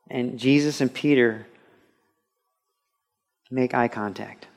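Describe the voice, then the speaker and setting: A man preaching a radio sermon, earnest and conversational, dropping low and soft, then rising into lively storytelling. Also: slow pace, pauses often. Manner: earnest and conversational, with repeated restarts; swings between a quiet, intimate tone and lively, raised storytelling. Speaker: pastor.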